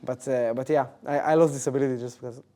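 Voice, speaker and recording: A man's voice: medium pitch, steady tone, fast talker, dark tone. A man as an interview guest, chatting in an easygoing, casual way and often restarting his sentences. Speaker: guest, professional esports player.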